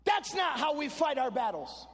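A man voicing his stern immigrant pastor father, who shouts commands in broken English. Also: very high voice, sing-song, normal speed, big-room sound, pitched above the performer's own voice, full character voice.

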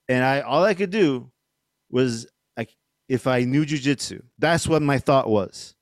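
A man's voice: medium pitch, a little fast, no echo, clean studio sound. A middle-aged man, a podcast guest, telling a story casually with lots of fillers and swearing. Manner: rambling, profane, lots of fillers.

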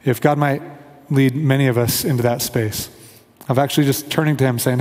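A man's voice: medium pitch, steady tone, fairly quick, darkish tone, big-room sound. A man from the Kansas City area, preaching a conversational sermon and leading prayer as pastor. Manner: earnest, conversational, acts out quoted voices. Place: church sanctuary.

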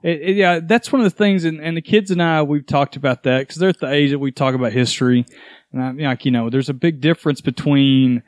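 A man appearing as a historian guest on a podcast, speaking in a thoughtful, measured way in casual chat. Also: a little high, dry recording, clean studio sound.

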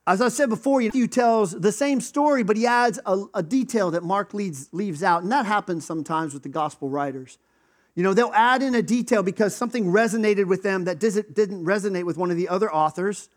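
A man with a high voice preaches a sermon. His delivery is conversational, and he breaks into quick acted voices for the people in the stories he tells. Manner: conversational, acts out quoted voices. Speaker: pastor.

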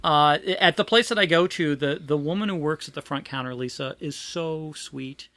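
A woman's voice: low-pitched, normal speed, fairly bright tone, no room sound. A woman chatting casually, telling a rambling personal story with frequent laughs and restarts. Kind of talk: casual chat.

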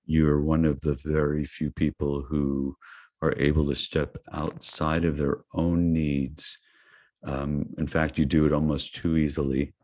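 Very deep, slow-speaking male interviewer. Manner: slow, affirming, warm praise of the guest. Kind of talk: conversational interview.

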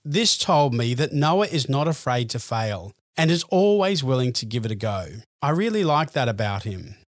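A man hosting a podcast, reading a scripted narration in an earnest, measured way. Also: mid-range voice, big pitch swings, no echo, studio quality. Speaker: podcast host.

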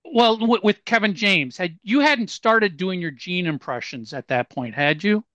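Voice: medium pitch, expressive, unhurried, a bit bright, no echo. A podcast host asking casual questions, often restarting and repeating words. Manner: hesitant, repeats words when starting questions.

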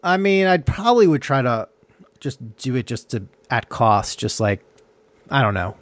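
A man's voice: medium pitch, sing-song, no echo. Guy hosting a chat, hesitant, keeps restarting, dry close sound. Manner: halting, hesitant, many restarts. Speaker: host. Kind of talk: casual interview chat.

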